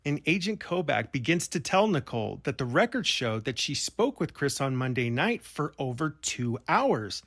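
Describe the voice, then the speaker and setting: A man's voice: medium pitch, very animated, normal speed, few pauses, fairly bright tone. A man narrating a true-crime commentary over interview clips, in a pointed, incredulous, rhetorical manner.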